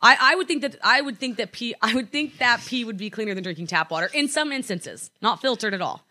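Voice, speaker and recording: A woman's voice: a little high, expressive, brisk, bright, forceful tone, no echo, studio quality. A woman co-hosting a podcast in casual, playful chat, laughing often, recorded in an apartment. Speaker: podcast co-host.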